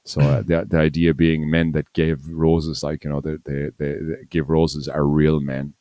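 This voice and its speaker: A man's voice: very deep voice, flat delivery, normal speed, mellow, no echo. A man from Ireland co-hosting a podcast, chatting casually in a rambling way and laughing often. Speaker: podcast co-host. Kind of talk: casual chat.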